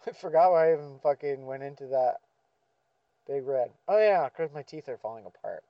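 A man's voice: medium pitch, no room sound, highs cut off. A man venting in a profane, sardonic monologue, with frequent swearing and sighs. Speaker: vlogger.

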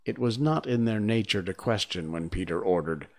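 A man's voice: lowish voice, normal speed. A man streaming, reading a children's book aloud and chatting casually with viewers afterward. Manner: lively, expressive, chatty with fillers. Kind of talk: read-aloud narration and casual stream chat.

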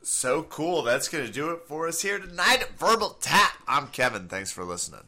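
A man co-hosting a podcast in casual chat, joking and animated, with a cold. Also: moderate pace. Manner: animated, joking, swings pitch a lot. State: has a cold. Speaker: podcast co-host.

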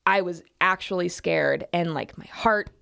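A woman's voice: on the low side, unhurried, vocal fry, fairly bright tone, smooth. A young woman co-hosting a podcast, telling a workplace story in casual chat with lots of fillers and acted quotes. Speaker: podcast co-host.

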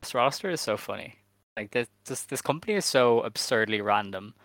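A man co-hosting a casual podcast, walking through the news in a steady, methodical way with "um" fillers. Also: medium pitch, fairly quick, no room sound. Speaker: podcast co-host.

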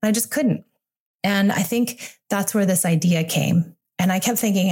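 A woman's voice: medium pitch, animated, brisk, darkish tone. A woman in her forties, a parenting coach hosting her own podcast, talking in a candid, earnest and reassuring way. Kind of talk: solo podcast monologue.

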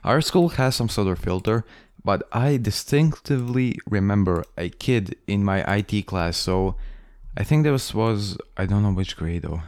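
A man's voice: fairly low pitch, normal speed, darkish tone, dry recording, studio quality. A man from Croatia in casual podcast chat, blunt and swearing. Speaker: podcast co-host.

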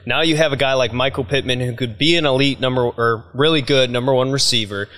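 A man's voice: mid-range voice, quick pace, fairly bright tone. Persuasive man making his case. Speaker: podcast guest. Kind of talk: casual sports chat. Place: podcast studio.

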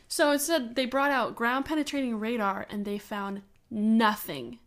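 A woman's voice: a little high, moderate pace, hardly any pauses, fairly bright tone. A young woman co-hosting a true-crime podcast, talking casually and with strong opinions, laughing often and swearing. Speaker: podcast co-host.

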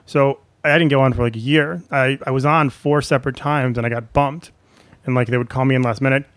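A man's voice: mid-range voice, fairly even intonation, brisk, a bit bright, no echo. Comedian guy telling a story, acts out everyone he quotes, dry close sound. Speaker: comedian guest. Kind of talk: casual chat, storytelling.

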